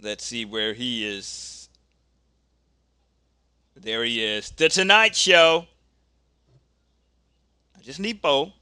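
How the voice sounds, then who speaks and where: A man's voice: lowish voice, takes it slowly, pauses often, smooth, no echo. A man casually narrating a tabletop wrestling dice game, reading out rolls and calling the action. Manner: casual, reads dice results aloud, gets excited during the action. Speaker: game host.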